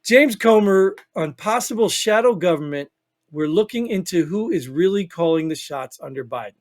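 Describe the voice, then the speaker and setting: A high-pitched man with a Northern US accent rants his way through a casual podcast chat. He rambles and leans hard on his points, tossing in "you know what I mean" again and again. His voice sits noticeably high for a man. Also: expressive, normal speed. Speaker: podcast co-host.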